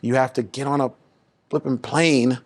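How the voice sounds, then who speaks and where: A pastor talking in an animated, preaching-style way, rising in pitch and volume to drive his points home. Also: normal speed. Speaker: pastor and guest speaker.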